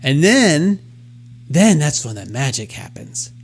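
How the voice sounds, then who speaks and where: A man's voice: fairly high pitch, very animated, takes it slowly. A man co-hosting a podcast, telling a story with lots of fillers and mimicked machine sounds. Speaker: podcast co-host. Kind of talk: casual chat.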